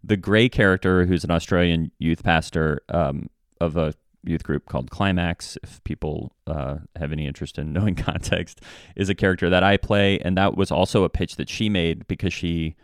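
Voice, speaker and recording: A man with a deep, resonant voice chats easily as a podcast guest. He tells his story in a relaxed way, with small laughs slipping in between phrases. The sound is dry and close, with no room echo. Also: moderate pace, clear, resonant tone. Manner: storytelling, laughing lightly mid-sentence. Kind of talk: casual chat.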